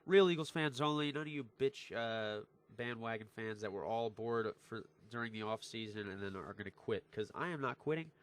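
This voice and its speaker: A man's voice: lowish voice, moderate pace, hardly any pauses. A young man in his teens giving a heated, frustrated football recap vlog, emphatic and repetitive, swearing freely. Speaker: vlogger, sports fan. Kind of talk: heated sports recap rant.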